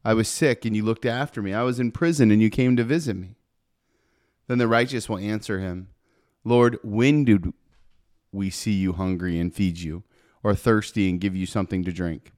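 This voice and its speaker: Chatty low-voiced guy hosting his podcast solo, keeps tossing in "right?", dry close mic. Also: moderate pace, a little mellow, no room sound. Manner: upbeat, chatty, with frequent "right?" asides. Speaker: podcast host. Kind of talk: faith podcast monologue, reading scripture aloud.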